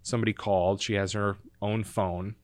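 A man talking casually as a podcast guest, telling animated family stories and sometimes acting out other people's voices. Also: on the low side, normal speed, dry recording. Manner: animated storyteller, acts out his grandmother in a raised voice. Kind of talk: casual chat.

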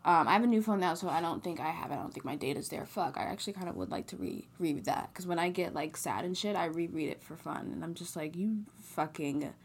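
A woman's voice: fairly low pitch, fast, gravelly, hardly any pauses, breathy edge. A young woman in her late teens co-hosting a podcast, talking candidly and self-mockingly, with frequent swearing. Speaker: podcast co-host. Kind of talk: casual chat.

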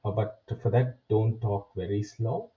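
A man's voice: on the low side, measured pace. Muffled, distant male test-prep teacher. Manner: explains step by step, often checks with "right?". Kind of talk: spoken lesson.

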